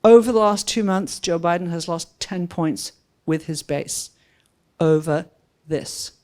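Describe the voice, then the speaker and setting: A woman giving a policy talk to an audience in a lecture room, animated and conversational, often checking in with "right?". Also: fairly low pitch, a little slow. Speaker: guest speaker.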